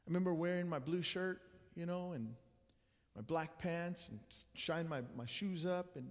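A male pastor with a notably high voice preaches in an earnest, conversational tone, often restarting his phrases. His voice rings through a church sanctuary with a long reverb tail. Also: normal speed. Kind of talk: sermon with personal storytelling.

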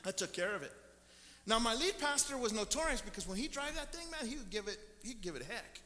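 Man, pastor, sermon, storytelling, high pitch, long hall echo. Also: animated, a little fast, pushed and bright. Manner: storytelling, acts out quoted people. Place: church sanctuary. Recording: long church reverb.

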